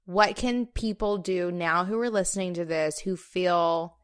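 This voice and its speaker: A woman podcast host with a fairly low voice, steering the talk toward practical questions in an upbeat, casual way. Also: unhurried, clean tone. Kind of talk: casual interviewing.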